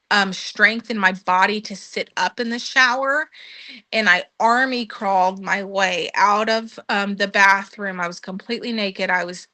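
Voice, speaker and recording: Bright-voiced woman telling her testimony. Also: medium pitch, dry recording. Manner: earnest storytelling with frequent ums, acting out her own past words. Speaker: guest sharing her testimony. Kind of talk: conversational testimony.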